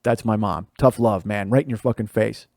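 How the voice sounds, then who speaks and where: A man's voice: lowish voice, moderate pace, vocal fry, a little mellow, dry recording, clean studio sound. A middle-aged man from the Chicago area, hosting a podcast and telling profane stories about his childhood, laughing as he goes. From Chicago area, USA. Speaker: podcast host. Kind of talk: storytelling monologue.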